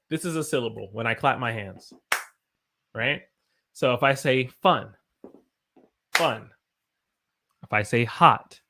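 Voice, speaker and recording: A man's voice: mid-range voice, fairly bright tone. Chatty American man teaching English live. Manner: chatty, answers viewer comments as he teaches; stops to self-correct and search for examples. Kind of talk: live-streamed English lesson.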